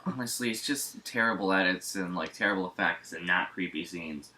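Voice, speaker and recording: A man's voice: low voice, fairly quick, bright, forceful tone, slight background noise. A man reviewing a movie in casual chat, retelling scenes bluntly and animatedly.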